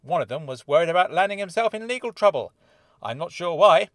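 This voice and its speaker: An eager, chatty freelance reporter, played by a male narrator, jovial and a touch theatrical. His voice rides fairly high with lively swings in pitch. The sound is close and dry, like a storybook reading. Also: brisk, no echo. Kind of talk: audiobook character voice.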